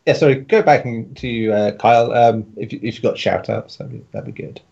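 Gravelly husky podcast host. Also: male voice, mid-range voice, a little fast, a little mellow. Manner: laughs often, easygoing. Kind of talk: casual podcast chat. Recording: dull lo-fi audio.

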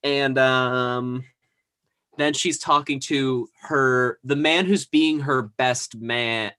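A man's voice: medium pitch, pushed and bright. A man co-hosting a podcast, casually recapping a TV episode with lots of fillers and asides. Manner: rambling, filler-heavy retelling. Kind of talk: casual chat.

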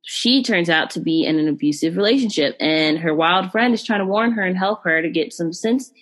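A woman with a fairly low pitch speaks briskly. She hosts a podcast where she reviews films in casual, animated chat, frequently using fillers and speaking straight to listeners.

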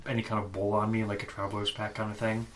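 A man's voice: lowish voice, little pitch movement, fast, fairly bright tone. Dry-witted man playing a tabletop game. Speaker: player. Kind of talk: in-character tabletop chat.

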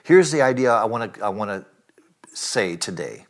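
A man's voice: lowish voice, expressive, moderate pace. Earnest male preacher asking big questions. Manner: earnest preaching with rising emphatic lines and frequent fillers; asks the listener direct questions. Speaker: pastor. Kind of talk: sermon.

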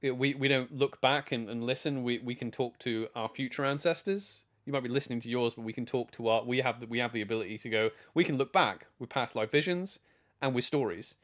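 A man speaking as a proud, earnest orc barbarian in a role-playing game, halting over his words as he goes. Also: medium pitch, fairly bright tone, lightly acted.

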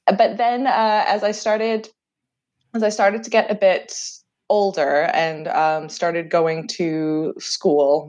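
A woman's voice: sits low, a little mellow. Canadian woman in her thirties on dull lo-fi audio. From Jersey, Channel Islands. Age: 30s. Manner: chatty, self-deprecating, halting restarts, frequent laughs. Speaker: podcast guest. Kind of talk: remote interview, personal story.

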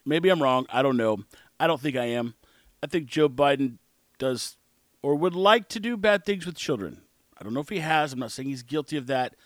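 A man's voice: mid-range voice, no room sound. A man hosting his own show, rambling through an opinionated casual monologue. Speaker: podcast host.

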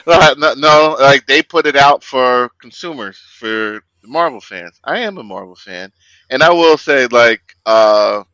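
A man co-hosting a podcast in casual debate chat, halting and repeating words as he makes his critique. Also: medium pitch, expressive, sharp tone, dry recording, low-quality recording. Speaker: podcast co-host.

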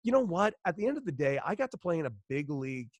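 A man's voice: a little high, quick pace, no room sound. A man in his thirties tells his story in a casual interview, voicing each person in it and swearing freely. His voice is dry and close, recorded with little room sound. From Los Angeles, United States. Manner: animated storyteller, acts out quoted dialogue, swears freely. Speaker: former pro baseball player, guest.

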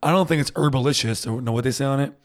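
A man's voice: medium pitch, rapid-fire. Male podcast co-host, casual rambling chat, easy laughs.

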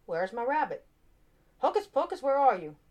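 A woman's voice: a little high, big pitch swings, normal speed, a little mellow, pitched above the performer's own voice. A woman doing a bumbling greedy magician. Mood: flustered.

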